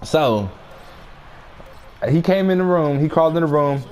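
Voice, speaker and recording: A man's voice: a little high, unhurried, darkish tone, slight background noise. A young man telling a story in casual chat, slangy and often laughing.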